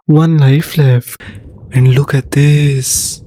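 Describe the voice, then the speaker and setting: A man giving casual let's-play commentary on his gaming channel, excitable and jokey, often panicking at what happens on screen. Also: medium pitch, takes it slowly, slight background noise.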